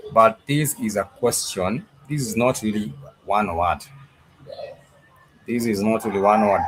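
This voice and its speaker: A man's voice: fairly low pitch, background noise. A man teaching a live online Swahili class, thinking aloud and repeating his phrases, with many fillers and restarts.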